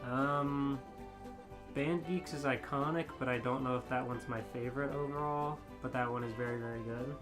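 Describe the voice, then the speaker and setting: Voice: medium pitch, fairly even intonation, normal speed, over music. A podcast co-host chatting casually and reading fanfiction aloud, laughing often and rambling.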